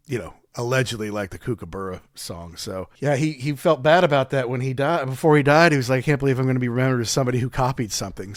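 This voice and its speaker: A man's voice: mid-range voice, no room sound, clean studio sound. A man hosting a podcast, chatting casually and rambling through his retelling with many fillers. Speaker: podcast host. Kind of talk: casual chat.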